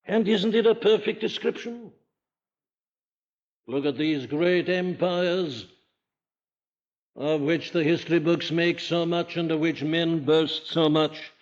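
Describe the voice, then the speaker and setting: Older Welsh-accented preacher, emphatic and questioning, fairly high voice, dull lo-fi sound. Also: male voice, slow pace, long pauses. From Wales. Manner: emphatic, rhetorical questions, rising to forceful declarations. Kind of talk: sermon. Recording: dull lo-fi archival sermon recording.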